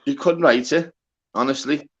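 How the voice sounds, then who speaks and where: A man's voice: medium pitch, moderate pace, a bit bright, dull audio. A man hosting a live stream, rambling and repeating himself in casual chat.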